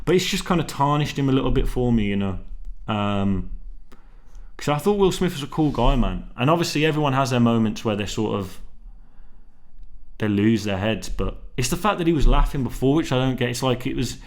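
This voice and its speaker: Brief: young man, casual solo vlog, rambling and slangy, mid-pitched. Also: expressive, a little fast. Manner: rambling and slangy, full of restarts and swearing. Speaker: vlogger.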